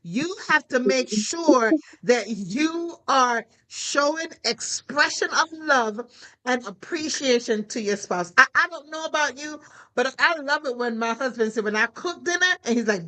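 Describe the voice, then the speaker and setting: A woman preaches with lively exhortation, speaking high in her range with a bright, ringing tone. She keeps turning to her listeners with rhetorical questions. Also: moderate pace, rough recording. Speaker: minister. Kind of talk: preaching to a prayer call.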